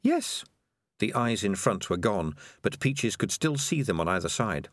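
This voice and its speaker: A man narrating an audiobook in a measured, expressive storytelling voice. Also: lowish voice, no room sound, clean studio sound.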